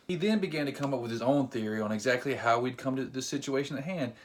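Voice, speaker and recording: A young man telling a funny personal story to camera in a casual, animated, self-deprecating way. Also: medium pitch, fast, few pauses. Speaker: vlogger.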